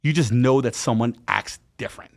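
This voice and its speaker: A middle-aged man with a gravelly, creaky voice of middling pitch tells a candid story as a podcast guest. He talks in slang, swears freely and acts out what people said, playing every part himself. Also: a little fast. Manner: animated, profane, slangy retelling with acted-out quotes.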